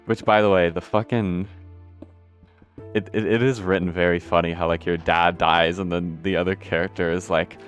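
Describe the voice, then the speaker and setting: A man with a very deep voice rambles through casual gameplay commentary, cursing freely and laughing at his own mistakes. Soft music plays faintly underneath. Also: steady tone, normal speed. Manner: rambling, profane, self-deprecating. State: out of breath. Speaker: gameplay streamer.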